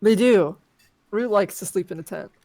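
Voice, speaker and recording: A woman co-hosting a text adventure stream, chatting casually with playful deadpan jokes and reading story lines aloud. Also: medium pitch, normal speed, dry recording. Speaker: co-host playing a text adventure game.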